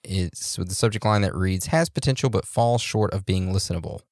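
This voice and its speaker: A man co-hosting a podcast in a relaxed, joking way, reading out listener reviews with loose fillers and laughs. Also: sits low, fairly quick, dry recording, studio quality. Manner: laid-back, laughs and jokes, loose fillers. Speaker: podcast co-host.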